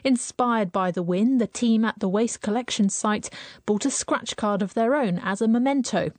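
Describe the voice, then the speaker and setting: Woman reporter telling a quirky news story, dry studio sound, clear. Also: on the high side, moderate pace, darkish tone, dry recording.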